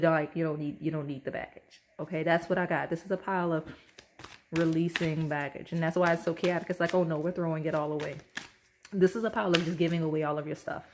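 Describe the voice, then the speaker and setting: A woman's voice: low voice, a little mellow, a little hiss or hum. A woman giving a casual pick-a-card tarot reading, speaking straight to the viewer and often checking in with "right?" and "okay?". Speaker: tarot reader.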